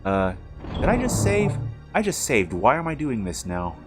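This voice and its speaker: A man's voice: medium pitch, huge pitch swings, normal speed, over music. A man streaming a video game, chatting casually with rambling, jokey asides as he plays. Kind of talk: casual live-stream commentary.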